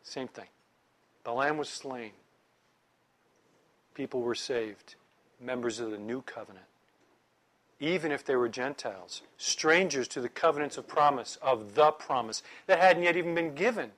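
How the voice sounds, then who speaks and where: A middle-aged man teaching a Bible class in a lively, conversational way, joking with his listeners. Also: mid-range voice, normal speed, pauses often.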